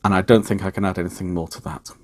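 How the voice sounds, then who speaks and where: A middle-aged man, speaking in a measured, reflective way as he vlogs, with frequent ums. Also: low-pitched, fairly even intonation. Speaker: vlogger. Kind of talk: reflective personal vlog talk.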